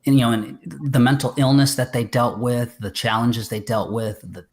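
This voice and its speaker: A man's voice: mid-range voice, steady tone, moderate pace. A man, a filmmaker guest, chatting casually on a video call, rambling with many fillers and restarts. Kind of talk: casual interview chat.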